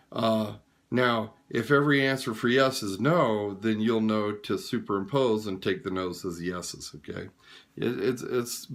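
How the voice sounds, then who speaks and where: A man giving frank, plain-spoken advice on caring for dying relatives in an informal talk. He sounds tired late at night. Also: mid-range voice. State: tired and yawning. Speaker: hospice care advisor.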